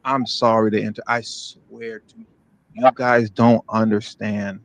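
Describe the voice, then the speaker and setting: A man's voice: lowish voice, level tone, unhurried. A man hosting a news commentary show, ranting heatedly and repeating himself for emphasis. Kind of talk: emotional commentary over played clips.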